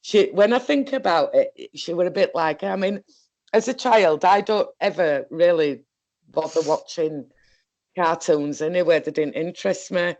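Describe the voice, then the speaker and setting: A woman's voice: on the low side, moderate pace, darkish tone, highs cut off. Chatty Northern English woman, rambling. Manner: rambling, chatty, laughs often while telling a story. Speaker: co-host. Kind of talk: casual chat.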